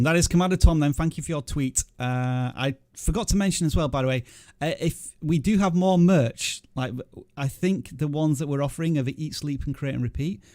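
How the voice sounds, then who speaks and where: A man's voice: mid-range voice, a little mellow, no room sound, studio quality. A man hosting a livestream panel, chatting casually and joking at his own expense. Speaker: livestream host. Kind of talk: casual panel chat reviewing channels.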